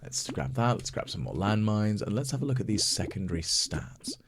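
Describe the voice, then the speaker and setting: A man's voice: lowish voice, very animated, moderate pace. A man giving chatty ASMR gaming commentary as a let's play host, thinking aloud and mocking his own mistakes. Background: game music.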